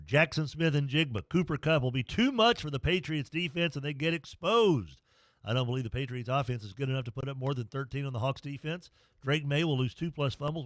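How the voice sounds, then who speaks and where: A man's voice: fairly high pitch, fairly bright tone, no echo, clean studio sound. A middle-aged man hosting sports talk radio, rambling and joking at his own expense. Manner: rambling, jokey, self-deprecating.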